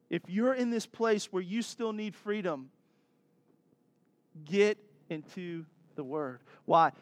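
A man's voice: high-pitched, fairly bright tone, dry recording. A man preaching a sermon as a pastor, earnest and exhorting, breaking into laughs and asides.

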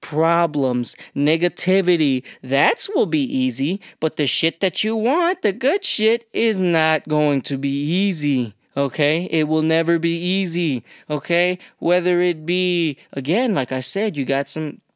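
A woman's voice: low-pitched, lively intonation, measured pace, few pauses, clear, resonant tone, no echo, clean studio sound. A woman hosting a podcast, ranting bluntly with heavy swearing and exasperation. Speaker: podcast host. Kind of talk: ranting monologue.

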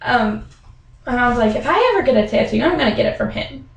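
Young woman, animated storyteller, slightly high, gravelly fry, roomy sound. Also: quick pace. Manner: animated storytelling, acts out quoted voices; many fillers like "like" and "um". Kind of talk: casual chat.

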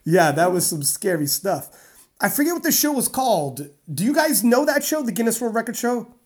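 A woman strongman athlete from North America, telling a story in a casual interview, animated and rambling with fillers. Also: fairly high pitch, a little fast, slightly rough.

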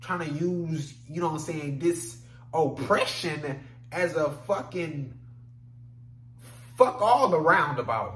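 A man's voice: on the high side, animated, a little slow, a bit bright. A man, talking alone on a podcast. His delivery rambles and swears, and he keeps saying "you know what I'm saying". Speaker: podcast host. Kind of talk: solo podcast monologue. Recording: echoey room with faint hum.

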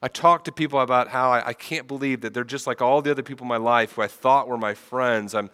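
Man, pastor, sermon, head cold, bright tone, stammering restarts, hall reverb. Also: medium pitch, fairly even intonation, fast, clear, resonant tone. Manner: conversational, repeats words when starting sentences.

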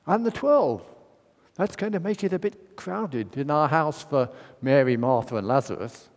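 A man's voice: a little high, very animated, moderate pace, darkish tone. A man giving a conversational sermon, asking questions and acting out the story. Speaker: preacher. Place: church. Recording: long church reverb.

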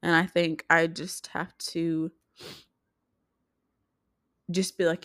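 A young woman speaks straight to her viewers in a heartfelt personal vlog, her voice sitting a little low. She talks haltingly, often stopping and starting over. The sound is close and dry, with no room around it. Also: flat delivery, a bit bright, no echo. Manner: heartfelt, halting, many restarts. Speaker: vlogger.

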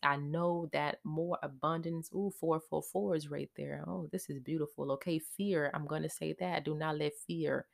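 A woman's voice: low voice, fairly even intonation, normal speed, vocal fry, few pauses. A woman giving a casual tarot reading over a recording, reassuring the listener and tacking "okay?" onto nearly every phrase. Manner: chatty and emotional, warm thanks. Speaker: tarot reader.

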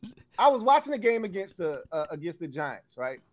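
A man arguing football in a heated sports debate, animated and laughing while he talks over the others. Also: high voice, fairly quick, crowd noise.

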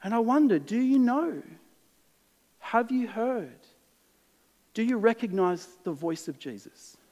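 Australian male preacher, high-pitched, earnest and conversational, long church reverb. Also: a little slow, lo-fi sound. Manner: conversational, earnest, shifts between lively and hushed. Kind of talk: sermon. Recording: long reverb in a large hall.

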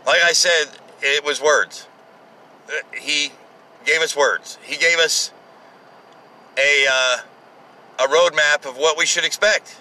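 A man's voice: on the high side, fairly even intonation, slow pace, pauses often, bright, forceful tone, rough recording. A man giving casual, sarcastic political commentary, ranting with profanity and exasperation.

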